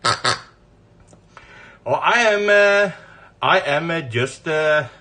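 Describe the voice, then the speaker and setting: A man's voice: a little high, lively intonation, very slow, pushed and bright. An older man with a Norwegian accent, chatting playfully and teasingly on a livestream as a grandfather with his granddaughter. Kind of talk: casual livestream chat.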